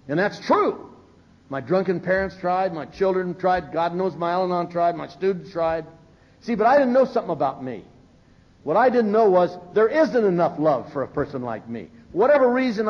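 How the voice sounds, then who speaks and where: An older man speaking at a recovery meeting, telling humorous stories and acting out the voices he quotes. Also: fairly high pitch. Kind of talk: storytelling talk from a podium. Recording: dull lo-fi live recording.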